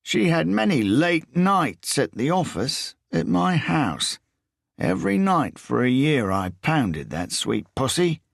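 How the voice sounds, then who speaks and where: A man's voice: fairly high pitch, big pitch swings, takes it slowly, gravelly, dry recording, clean studio sound, voice pushed up, exaggerated voice. A man voicing a smug, sadistic male gunman in an audiobook, with a sneering, gloating, crude manner. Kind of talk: audiobook character voice.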